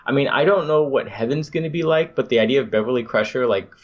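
A man's voice: mid-range voice, quick pace, highs cut off. A man hosting a podcast, chatting casually and enthusiastically with some rambling restarts. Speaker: podcast host.

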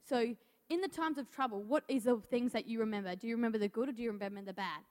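A woman's voice: fairly high pitch, fast talker, a little mellow. Young woman, nervous first-time preacher stumbling through scripture; reverberant hall. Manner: nervous, stumbling reading with restarts. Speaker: youth speaker. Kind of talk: church message. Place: church hall.

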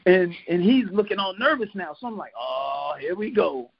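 This retired boxer from Philadelphia, USA, has a high, gravelly voice with a breathy edge and speaks at a moderate pace. As a podcast guest in a casual storytelling interview, he laughs a lot and acts out quotes animatedly. The dry recording has dull lo-fi podcast sound.

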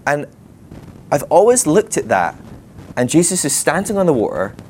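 A man giving a sermon in a loose, conversational way, animated and thinking aloud with fillers and quick laughs. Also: fairly high pitch, a little hiss or hum. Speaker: preacher. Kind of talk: sermon teaching.

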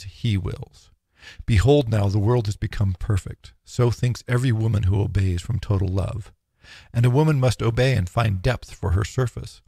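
A man with a low, gravelly voice reads a philosophical text in a measured, solemn declamation. The recording is dry and close, with no room sound. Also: mellow, no echo. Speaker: narrator. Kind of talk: audiobook reading of philosophy.

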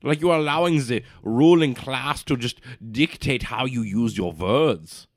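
A man's voice: mid-range voice, a little slow, dry recording, clean studio sound. A man playing a tabletop role-play character, delivering grandiose, lecturing revolutionary speeches. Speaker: player.

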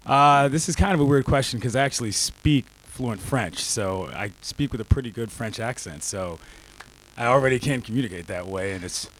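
A man chatting as a guest on a live stage show, relaxed and rambling. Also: medium pitch, normal speed, slight background noise. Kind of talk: casual on-stage conversation. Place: bookstore stage before an audience.

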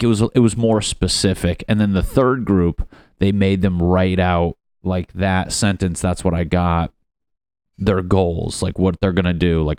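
Young man, low voice, casual solo podcast, rambling, profane, self-mocking, dry close sound. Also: fairly even intonation, measured pace, a little mellow, clean tone, no echo. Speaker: podcast host.

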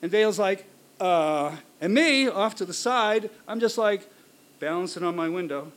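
Brief: high-pitched male storyteller, lively live delivery with acted-out yelps and voices. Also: moderate pace. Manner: animated, acts out shouts and voices.

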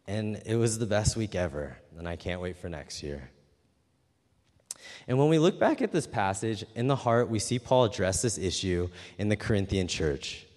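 A man's voice: on the low side, a little mellow. Earnest man preaching in a reverberant hall. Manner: earnest, storytelling, emphatic. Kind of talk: sermon with personal story.

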